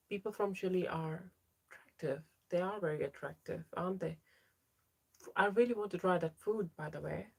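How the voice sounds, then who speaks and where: Reading viewer names aloud and replying to their comments, a young adult trans woman chats casually on her livestream. Her voice is lowish and slightly mellow.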